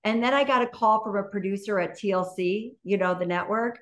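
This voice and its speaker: A woman's voice: medium pitch, a little fast. A woman, a guest on an interview show, telling a story in a chatty, casual way full of "you know" and "like".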